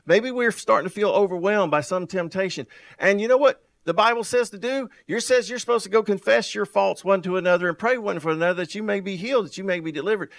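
A male pastor delivers a sermon packed with rhetorical questions and repeated phrases, his voice high-pitched with vocal fry. He swings widely in loudness and pace, moving between loud and soft and drawing out words for emphasis.

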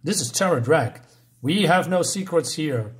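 A man voicing a scheming male grand vizier in a comic recap, dismissing worries with smooth reassurance. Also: a little high, animated, unhurried. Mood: dismissive.

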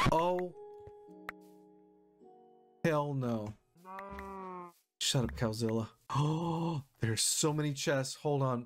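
Jumpy gaming man, slow-talking, game music. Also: fairly high pitch. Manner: jumpy, gasping, exclaiming often. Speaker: gaming YouTuber. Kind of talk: Minecraft let's play commentary.

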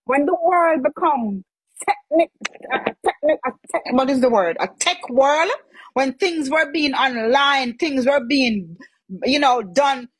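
A woman's voice: high voice, dry recording, poor audio. A Jamaican woman giving her opinion in a casual, conversational way, sometimes searching for words.

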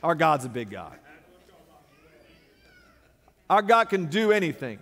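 High-voiced pastor preaching. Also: male voice, big pitch swings, fairly quick. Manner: dramatic, swinging from loud declarations to hushed low lines. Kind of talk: sermon. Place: large church sanctuary. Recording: long reverb of a large sanctuary.

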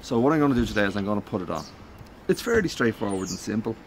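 With big pitch swings in a fairly low voice, a Dublin-accented man from North County Dublin talks rapid-fire on a rough recording with slight background noise. He's a classic car hobbyist rambling through an outdoor car repair how-to by a house in the cold, chatty and self-deprecating and apt to go off on tangents.

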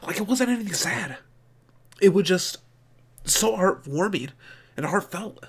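A man with a somewhat high-pitched voice talks through his reaction as an anime reviewer. He is candid and excitable, swears freely, restarts his sentences, and sounds openly moved. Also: unhurried, pauses often, husky. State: emotionally moved. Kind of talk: casual reaction commentary.

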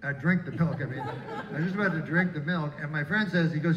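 A man in his fifties or sixties doing a live stand-up set in a casino, deadpan and halting, rambling with restarts. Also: a little high, a crowd in the background. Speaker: stand-up comedian. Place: casino stage before a live audience. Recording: echoey room, distant, dull audience recording.

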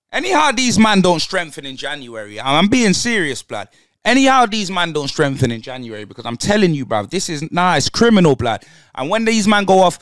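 Reacting live to a football match, an excitable young man hosts a fan channel and packs every line with street slang banter. His high voice swings widely in pitch, with a bright, dry tone on a dry recording.

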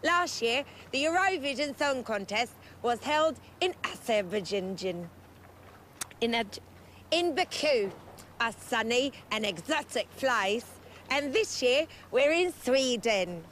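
A woman's voice: fairly high pitch, lively intonation, takes it slowly, fairly bright tone, slight background noise. A woman playing a clueless, chirpy, self-important Eurovision spokesperson in a comic mock travel report. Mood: bumbling. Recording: music playing underneath.

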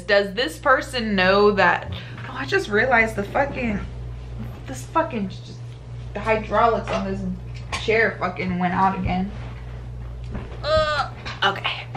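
A young woman in her twenties chats casually to her viewers, giving blunt, profane and sassy advice. Her voice is bright and sharp and sits fairly high. She keeps throwing out rhetorical questions, and her pitch leaps up when she gets fired up. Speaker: vlogger answering viewer questions. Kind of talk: casual chat.

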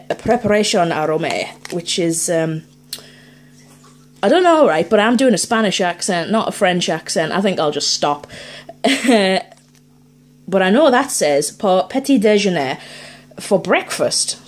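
A woman, chatting casually as she unboxes items on her vlog and thinks aloud in a playful way. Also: medium pitch. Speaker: unboxing vlogger.

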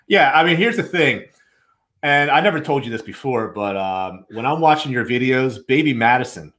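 A man's voice: mid-range voice, animated, moderate pace, fairly bright tone. A man hosting a live video call, reading viewer questions aloud and chatting in a friendly, upbeat way. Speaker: watch channel host. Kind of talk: casual live-stream chat.

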